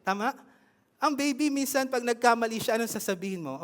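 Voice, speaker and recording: A man with a Filipino accent preaching a sermon in an animated way, often asking his congregation questions. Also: very high-pitched, fairly quick, long reverb tail.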